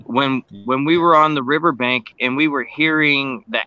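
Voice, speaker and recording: A man in a casual podcast chat who describes encounters thoughtfully, often pausing to find his words. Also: medium pitch, bright, forceful tone, smooth, no echo, highs cut off. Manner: reflective, searching for words with restarts. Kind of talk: casual live-stream chat.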